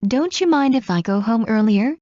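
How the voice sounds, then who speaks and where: Woman, slightly high, mellow voice, steady lesson-style phrase reading, muffled lo-fi audio. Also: no echo. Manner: clear, measured, evenly paced reading. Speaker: English phrase reader. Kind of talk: slow read-aloud phrase drills. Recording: dull lo-fi recording.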